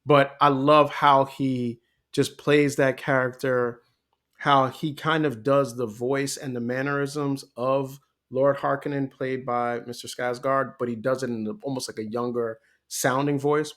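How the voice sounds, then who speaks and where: A man co-hosting a podcast, talking casually and getting animated and laughing as he recounts scenes. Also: medium pitch, measured pace. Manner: animated, laughs often, gets excited. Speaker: podcast co-host.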